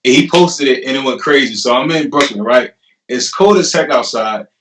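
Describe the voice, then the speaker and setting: A man in his twenties, a guest, telling his story in a casual, animated way with laughter. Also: medium pitch, normal speed, noisy background. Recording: roomy, distant mic.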